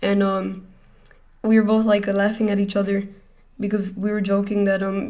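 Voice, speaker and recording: Flat, mellow-voiced young male storyteller. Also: sits high. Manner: rambling storytelling, hesitant. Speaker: vlogger. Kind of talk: storytime vlog.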